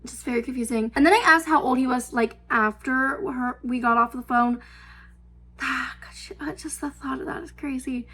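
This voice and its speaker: High-voiced young woman rambling a story. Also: sharp tone. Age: 20s. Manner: rambling, filler-heavy, swearing, giggly. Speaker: vlogger. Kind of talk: casual storytime.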